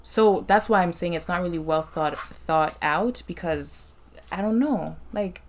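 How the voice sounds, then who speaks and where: Woman, podcast host, low-ish voice, thoughtful conversational advice. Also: measured pace, slight background noise. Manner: reflective, faith-minded advice with frequent "right?" check-ins. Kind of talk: casual conversation.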